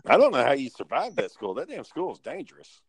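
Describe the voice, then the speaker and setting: A man's voice: mid-range voice, fast, vocal fry. A man chatting casually on a podcast, rambling and swearing as he tells stories. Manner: rambling, swears, lively storytelling. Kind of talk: casual chat.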